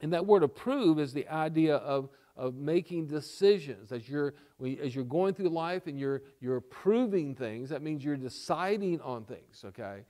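A man's voice: a little high, lively intonation, moderate pace, few pauses, dark tone. A male pastor preaching a sermon, repeating key lines for emphasis and checking in with the congregation with "okay?" and "all right?".

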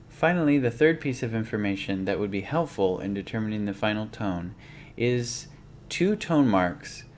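A man's voice: lowish voice, a little hiss or hum. A man teaching a language lesson, explaining rules patiently and methodically and stepping through examples one by one.

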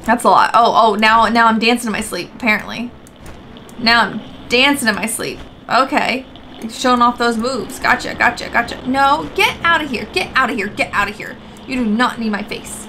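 A woman's voice: fairly high pitch, normal speed. A woman giving let's play commentary, repeating short phrases over and over, swearing and exasperated, in a noisy recording. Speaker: gaming video host.

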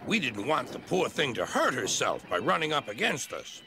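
A man's voice: medium pitch, wildly swooping pitch, moderate pace. A man voicing a big, proud male express engine in a storybook. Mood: scornful. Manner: scornful.

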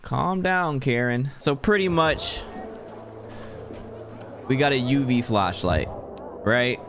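A man streaming a game and commenting in a joking, excitable, slangy way. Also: medium pitch, takes it slowly, music in the background. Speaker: gaming streamer. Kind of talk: let's play commentary.

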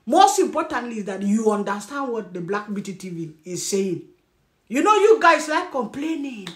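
A woman with a Nigerian accent, a Birom speaker, giving a blunt, scolding commentary with lively laughter. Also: on the high side, moderate pace. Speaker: commentary vlogger. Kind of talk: ranting commentary. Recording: echoey room.

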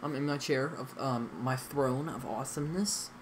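A young gaming channel host chats casually with friends during a session, rambling and hesitating with lots of fillers and restarts. His voice is medium-pitched at a normal speed, and the background is noisy.

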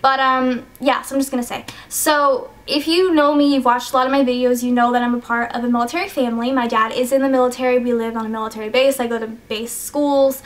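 High-voiced teenage girl, rambling vlog. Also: fairly even intonation, quick pace, few pauses. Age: teens. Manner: rambling, hesitant, many ums and likes. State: choked up, sniffly. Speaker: YouTuber. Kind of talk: casual vlog talk.

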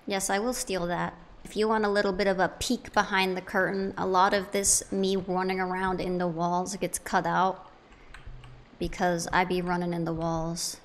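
A woman's voice: medium pitch, steady tone, normal speed. Playful young woman chatting through a game. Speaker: let's play gamer. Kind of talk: casual gameplay commentary.

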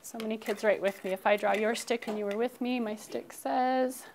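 Woman, young, first grade teacher. Bright, encouraging classroom delivery that draws words out. Slightly high voice, faint background noise. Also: fairly even intonation. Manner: upbeat, encouraging, drawn-out modeling of sounds. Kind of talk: classroom phonics lesson. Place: elementary classroom.

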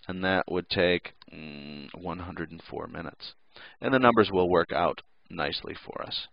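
A man's voice: sits low, a little slow, vocal fry, no echo, muffled recording. A male teacher giving a casual recorded lesson, joking and making playful sound effects.

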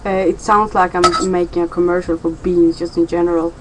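A woman's voice: lowish voice, little pitch movement, a little fast, very noisy. A young woman chatting in a rambling, playful way in a casual daily vlog from home. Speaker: vlogger.

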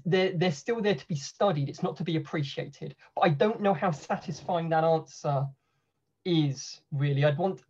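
A man's voice: on the high side, darkish tone. Male academic panelist, hesitant, restarts often; slightly dull video-call sound. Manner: hesitant, thinking aloud with restarts. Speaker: panelist at a book launch. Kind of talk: academic discussion.

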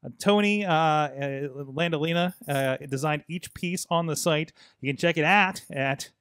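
A man's voice: on the high side, moderate pace, a bit bright, clear, resonant tone, dry recording, clean studio sound. A man hosting a casual panel podcast, reading a sponsor spot in a loose, rambling way with many fillers. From Pittsburgh area. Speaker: podcast host.

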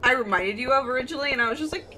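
A woman streaming and chatting casually, prone to loud shrieks and acting out voices when she tells a story. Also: high voice, rapid-fire, rough recording. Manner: animated, loud outbursts and shrieking reactions; acts out voices when retelling stories. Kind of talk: casual chat on a game stream. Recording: music playing behind.

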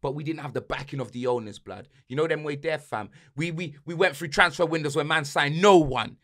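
Ranting young London man, bright tense voice. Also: a little high, fairly quick. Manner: repeats slang tags like blood and fam, swings from shouting to muttering. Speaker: podcast host. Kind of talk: heated football rant.

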